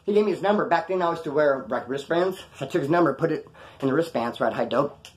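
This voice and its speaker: A man with a fairly high voice rattles off a story at speed. He talks in heavy street slang and swears freely. He slips into quick acted-out bits of other people's lines as he goes. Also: animated. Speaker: vlogger telling prison stories. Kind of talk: casual storytelling monologue.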